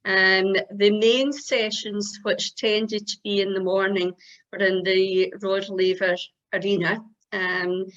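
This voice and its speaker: Woman chatting through a report on a zoom call, lots of ums, medium pitch, dull sound. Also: level tone, takes it slowly, a bit bright. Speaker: Rotary club member giving a convention report. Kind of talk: casual presentation on a video call. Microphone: video call microphone. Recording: dull video call audio.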